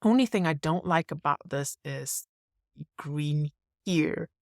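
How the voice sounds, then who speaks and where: A woman narrating a screen-recorded design tutorial, thinking aloud in a relaxed way as she works. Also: low voice, slow, no room sound, studio quality.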